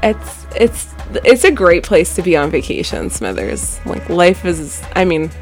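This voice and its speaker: Middle-aged woman, nasal voice, radio guest, lively up-and-down pitch, self-mocking. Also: measured pace, faint music behind. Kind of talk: casual radio chat. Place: radio studio.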